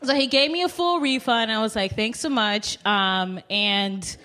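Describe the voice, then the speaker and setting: A woman in casual chat, an excitable listener who gasps and laughs. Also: on the high side, a little slow, slight background noise.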